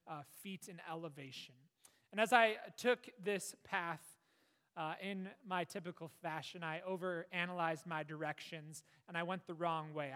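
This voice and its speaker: A man preaching a sermon, earnest, with rises and falls and hushed, prayerful passages. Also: high-pitched, smooth. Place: church. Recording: long reverb of a hall.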